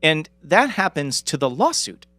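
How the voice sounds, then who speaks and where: A man's voice: a little high, sing-song, measured pace, pushed and bright, no echo, faint music behind. A man co-hosting a podcast in casual chat, joking and rambling with lots of filler words. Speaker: podcast co-host.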